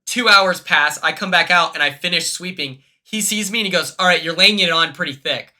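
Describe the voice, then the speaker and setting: A man hosting a casual livestream chat, telling stories quickly and excitably with lots of fillers. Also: sits high. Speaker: streamer host.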